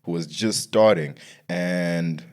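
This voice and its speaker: A sports podcast host with a fairly low male voice, talking casually in slangy asides. He vents and circles back to the same complaints over and over, building a rant out of repetition. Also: slow pace, darkish tone.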